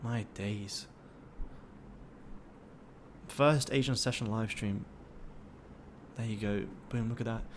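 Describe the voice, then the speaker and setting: Young male livestream host, casual and profane, hyped and motivational, average pitch. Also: fairly even intonation, normal speed, long pauses, a little hiss or hum. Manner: swears constantly, pumped-up and motivational.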